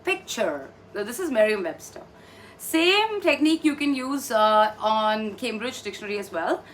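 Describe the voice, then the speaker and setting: In an online pronunciation lesson, an English pronunciation trainer from India walks through each step patiently and has words repeated for practice. Her voice runs on the high side and sounds expressive and fairly bright at a moderate pace. Faint background noise comes through a slightly distant microphone.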